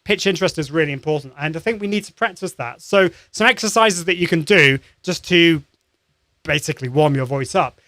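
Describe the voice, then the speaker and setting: A man hosting a live-streamed lesson, coaching voice warm-ups in an upbeat, encouraging way with many restarts. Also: fairly high pitch, brisk, no room sound, studio quality. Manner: upbeat and encouraging, demonstrates sounds; conversational with frequent restarts.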